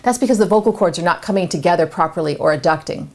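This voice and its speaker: A woman vocal coach, giving a singing lesson with clear, instructive explanations. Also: fairly low pitch, fast talker, a little mellow. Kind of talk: singing lesson with sung demonstrations.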